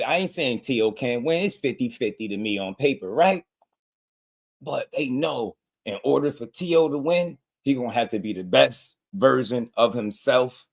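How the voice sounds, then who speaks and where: Laughing man hosting a boxing livestream. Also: mid-range voice. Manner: laid-back, laughs often, shouts out viewers by name. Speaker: boxing channel host. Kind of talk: casual livestream chat.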